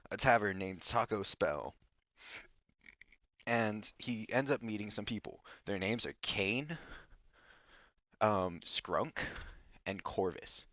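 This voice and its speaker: A man's voice: fairly low pitch, fairly bright tone, no room sound. A man hosting a podcast who rambles goofily through a story recap and keeps bossing his co-host around, on a dull lo-fi recording. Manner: goofy, rambling, mock-bossy toward his co-host.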